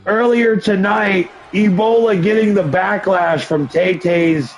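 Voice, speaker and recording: A man hosting a live stream, calling play-by-play for a wrestling video game in an excitable, often shouting way, with chatty asides to viewers. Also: high-pitched, slow, a little hiss or hum, low-quality recording. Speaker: livestream host and commentator.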